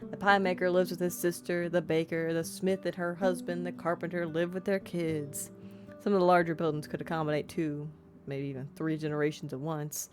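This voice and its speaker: A woman streamer reads a video game's text aloud in a fairly low voice, then slips into self-deprecating chatter between passages. Soft guitar music plays faintly behind her. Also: flat delivery, fairly quick. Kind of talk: let's-play narration and commentary.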